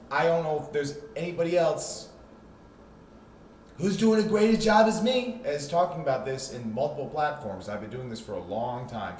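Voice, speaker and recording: A man's voice: medium pitch, a little mellow, echoey room, distant mic, slight background noise, poor audio. A man hosting his own vlog, ranting in a rambling, swearing, fired-up monologue. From South Florida. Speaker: vlog host.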